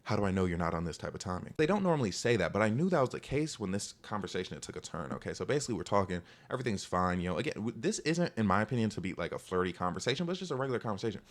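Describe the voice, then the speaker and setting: A young man with a somewhat low voice tells a casual storytime at a rapid clip. He rambles with constant "like" and "you know" fillers, and his pitch leaps upward on his animated asides.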